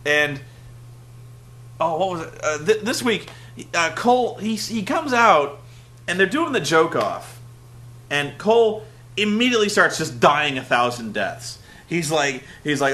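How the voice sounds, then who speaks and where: A young man hosting a casual recap, rambling and animated, breaking into loud shouted impressions. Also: a little high, measured pace. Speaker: web show host. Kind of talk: casual wrestling recap rant.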